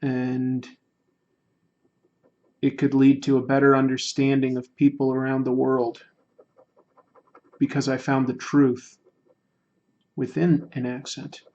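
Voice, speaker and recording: A man's voice: mid-range voice, monotone, slow pace, long pauses, darkish tone. Joking man streaming on dull audio. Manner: joking, self-mocking, rambling with restarts. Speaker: streamer drawing while chatting. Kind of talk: casual livestream chat.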